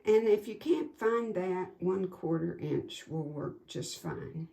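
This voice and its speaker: Crafting tutor, female, low-pitched with fry, slow homey step-by-step delivery. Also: dark tone. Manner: unhurried, homey step-by-step explaining. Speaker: quilting instructor. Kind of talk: hands-on sewing tutorial.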